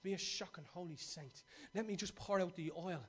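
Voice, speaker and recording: A man voicing God as a gentle father, coaxing his timid listeners in a hushed, soft voice. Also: sits high, a little fast, voice pushed down.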